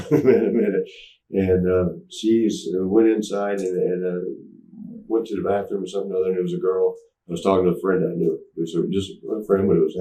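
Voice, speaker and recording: This interview guest has a low, mellow male voice. His candid story wanders, with restarts and bits where he acts out what people said, captured in a roomy space from a mic at some distance.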